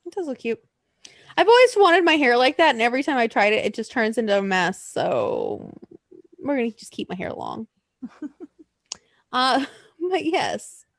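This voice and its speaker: A woman's high, animated voice bounces around as she chats on a podcast, cursing freely and laughing often. The sound is dry and close. Her pitch swings widely as she gets worked up. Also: moderate pace, gravelly, pauses often, no room sound. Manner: swearing, excitable, laughs often, lively and chatty. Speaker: podcast co-host. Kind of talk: casual chat.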